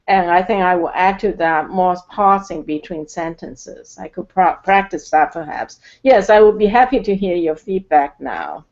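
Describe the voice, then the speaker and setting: A woman guest from Canada speaking slowly and carefully, with many pauses and fillers. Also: mid-range voice, dull audio. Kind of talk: casual chat.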